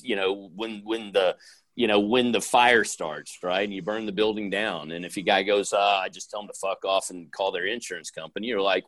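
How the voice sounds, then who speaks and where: A man's voice: fairly low pitch, dry recording. A man on a podcast giving practical advice with blunt everyday examples. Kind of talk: casual advice talk.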